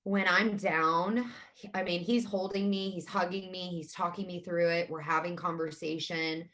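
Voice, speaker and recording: A woman's voice: on the low side, fairly even intonation, moderate pace, a bit bright. A woman, speaking openly and earnestly as an interview guest. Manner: open and earnest, talks about feelings frankly. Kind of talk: candid conversational interview.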